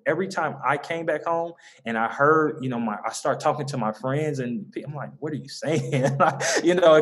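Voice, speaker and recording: A young man from the American South with a Southern accent, speaking earnestly in a casual interview as a mentoring organization founder, with many fillers and restarts. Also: on the high side. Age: young adult.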